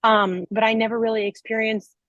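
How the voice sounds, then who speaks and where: A woman's voice: fairly high pitch, level tone, brisk, fairly bright tone, no echo, highs cut off. A woman hosting a podcast in a casual, candid chat, talking in an earnest and reflective way with frequent "um" and "like". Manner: earnest and reflective, with 'um' and 'like'. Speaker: podcast host.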